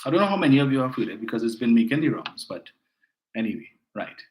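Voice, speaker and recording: A man's voice: mid-range voice, very animated, fast talker, echoey room, slight background noise, low-quality recording. A man with a Trinidadian accent hosting a political call-in show, talking in an indignant, emphatic way and often repeating his words. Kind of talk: political commentary.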